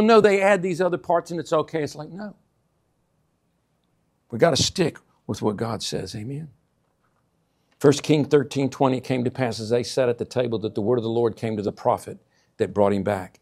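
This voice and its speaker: A man preaching a sermon, calling out "amen?" to his church and swinging between hushed asides and loud emphatic bursts. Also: mid-range voice, normal speed, long pauses. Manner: call-and-response, repeats 'amen?' to the congregation. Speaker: pastor.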